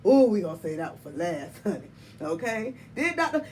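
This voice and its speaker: A woman hosting her tarot channel, chatting casually to viewers in an animated, emphatic way, laughing often and calling them y'all and honey. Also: mid-range voice, a little fast, slight background noise. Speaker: tarot reader and channel host.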